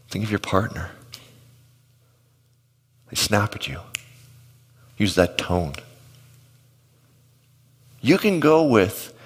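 A pastor with a fairly low voice gives a conversational sermon in a church auditorium. He tells stories and throws questions out to the congregation. His voice rings with a long hall reverb. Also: breathy edge. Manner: conversational storytelling with asides to the congregation.

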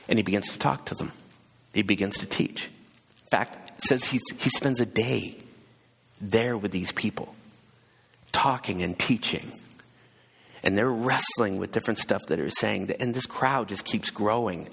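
A man with a lowish, gravelly, husky voice relates a story in a relaxed, conversational sermon, casually hesitant, pausing, restarting and adding asides. A long reverb carries his voice through the hall.

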